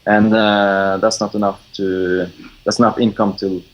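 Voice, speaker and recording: Male guest, English, low-pitched, hesitant with lots of fillers. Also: flat delivery, rough recording. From Norway. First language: Norwegian. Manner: halting, many fillers, searches for words. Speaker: guest filmmaker. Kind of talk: casual interview chat.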